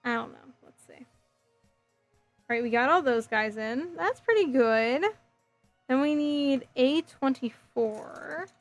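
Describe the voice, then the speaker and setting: A slightly high-voiced woman chats loosely with her stream audience while she works, her speech full of fillers and restarts. Her voice has a faint hoarse edge. Soft music plays quietly underneath. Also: takes it slowly. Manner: chatty, rambling, frequent fillers and self-corrections. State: voice getting hoarse. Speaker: livestream host building a model kit. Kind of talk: casual stream chat reading viewer comments.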